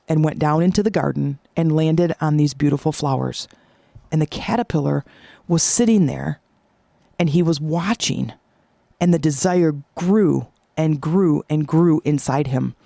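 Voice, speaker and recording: Woman, podcast host, motivational coaching, emphatic, mellow tone, dry close sound. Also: sits low, creaky, no echo.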